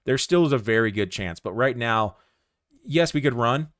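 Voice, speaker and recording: A man giving live commentary on his day trade, thinking aloud in a calm, conversational way. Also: mid-range voice, normal speed, no room sound, studio quality.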